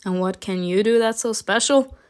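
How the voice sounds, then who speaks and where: A woman reading a story game aloud and reacting, excitable and gushing between lines. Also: medium pitch, moderate pace. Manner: excitable, gushing, often laughing.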